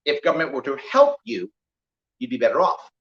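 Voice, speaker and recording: A man gives a campaign talk to a small crowd, his voice high and swinging widely as he acts out little scenes. The room is roomy and echoey, and the sound comes through dull and lo-fi. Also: brisk, creaky. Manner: animated storyteller who acts out dialogue. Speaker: political candidate speaking to a small crowd. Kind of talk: campaign talk with acted-out anecdotes. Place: indoor venue, roomy.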